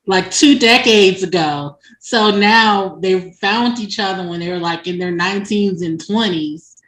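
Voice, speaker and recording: A woman's voice: medium pitch, slow, a bit bright, a little hiss or hum. A woman chatting casually about a romance book, telling the story with lots of fillers and laughing asides. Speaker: book reviewer. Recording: echoey room.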